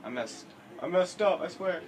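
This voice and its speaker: A man's voice: high voice, animated, normal speed. Rambling teenage boy gamer, noisy recording. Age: teens. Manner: rambling, self-correcting, jokey. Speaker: gameplay commentator. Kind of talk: casual let's-play commentary.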